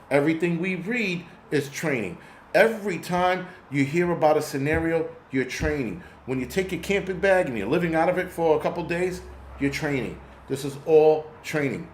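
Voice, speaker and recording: A man with a slightly high voice hosts a casual vlog, ranting angrily and bluntly with lots of profanity. There's a little hiss or hum in the audio.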